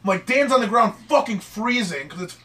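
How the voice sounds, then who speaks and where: A young man rambling excitedly through a story among friends, swearing constantly in casual chat. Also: high-pitched, a little fast. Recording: mic at a distance.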